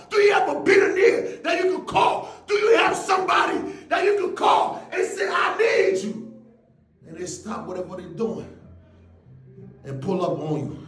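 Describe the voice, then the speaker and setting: A man with a very high voice delivers a motivational speech with intense, shouted energy. He fires off rhetorical questions one after another. The sound rings around an echoey room. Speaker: motivational speaker.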